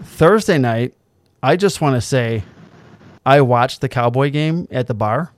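A man's voice: medium pitch, lively intonation, unhurried. A man telling a story in casual chat, swearing freely and acting out the quotes.

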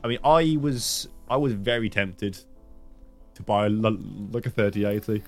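A man's voice: lowish voice, measured pace, soft background music. A man hosting a podcast in casual chat, rambling with lots of fillers and teasing his guest. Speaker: podcast host.

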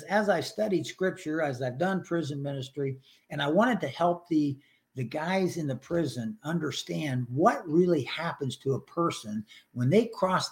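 Older man, somewhat high voice, earnest testimony, emotional storytelling. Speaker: guest sharing his faith story. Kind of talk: personal testimony in a podcast interview.

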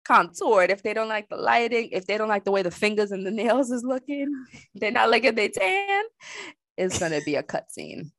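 A woman co-hosting a casual entertainment chat show, sassy and animated with colloquial talk. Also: medium pitch, moderate pace, no room sound. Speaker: co-host.

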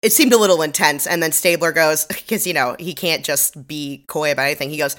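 Low-voiced young woman recapping chattily. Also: brisk, few pauses, a bit bright. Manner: chatty, laughs often, self-deprecating. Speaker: podcast co-host. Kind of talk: casual recap chat.

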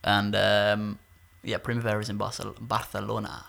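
Gravelly man chatting casually. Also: lowish voice, normal speed, sharp tone. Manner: rambling, full of fillers and "like". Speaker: podcast co-host; musician. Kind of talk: casual chat.

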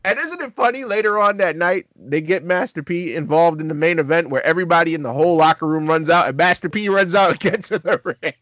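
A man co-hosting a casual talk show, telling stories in a lively way and acting out quotes with laughter. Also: fairly high pitch, fast talker, hardly any pauses, no echo, dull audio. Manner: animated, acts out quotes with laughter. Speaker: podcast co-host. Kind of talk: casual storytelling chat.

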